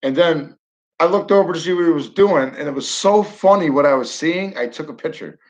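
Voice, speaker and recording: This live stream host, a man from Northern New York, chats casually with his viewers, rambling and chuckling through a story. His voice sits a little high and moves a little fast. The audio is dull and lo-fi.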